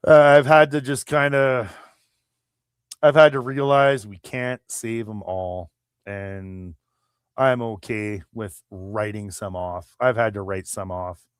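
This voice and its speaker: A man's voice: mid-range voice, dry recording, clean studio sound. Profane, heated man ranting on a livestream. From Canada. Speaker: livestream host. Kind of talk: angry political rant.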